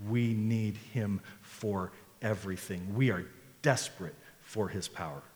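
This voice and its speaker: A man's voice: on the low side, a little slow, darkish tone. A man preaching a sermon as a pastor, building into a fervent, repetitive preaching cadence. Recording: long hall reverb.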